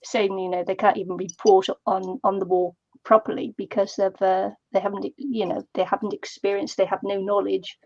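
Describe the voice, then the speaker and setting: A middle-aged woman co-hosting a casual crafting chat, talking haltingly with many fillers. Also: mid-range voice, flat delivery, darkish tone, dry recording. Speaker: co-host. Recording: dull lo-fi sound.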